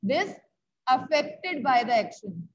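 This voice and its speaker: A woman's voice: high-pitched, very animated, slow, gravelly, breathy edge, dull audio. A woman with an Indian English accent teaching an online English grammar class, repeating key words and checking often that students follow.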